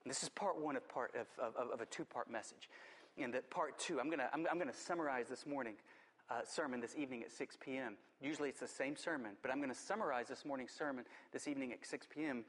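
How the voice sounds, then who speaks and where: A man's voice: mid-range voice, fast talker, a bit bright, slightly rough. A man preaching a sermon as a pastor, emphatic, repeating his key phrases. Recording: long church reverb.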